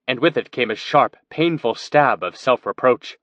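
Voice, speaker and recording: A man's voice: medium pitch, a little slow, fairly bright tone, dry recording. Man narrating a fantasy audiobook, lo-fi. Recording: dry, dull lo-fi recording.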